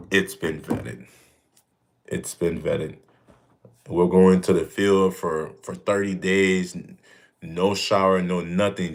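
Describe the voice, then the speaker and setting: A very deep-voiced man in his thirties chats casually with viewers in a livestream Q&A. He talks emphatically, circles back and repeats his points, and keeps slipping into jokes. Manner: emphatic, repetitive, joking, with bursts of mock voices. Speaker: fitness streamer answering viewer questions.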